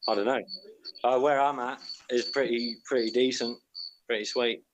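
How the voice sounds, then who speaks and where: A man's voice: medium pitch, fairly even intonation, moderate pace, low-quality recording. A man joining a casual chat over a remote call, blunt and sweary as he rants. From Britain.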